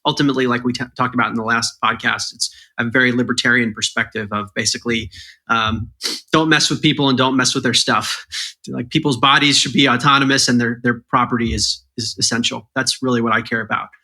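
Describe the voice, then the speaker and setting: A man appearing as an author guest on a podcast, explaining his points in a measured, step-by-step way. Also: mid-range voice, fairly even intonation, pushed and bright.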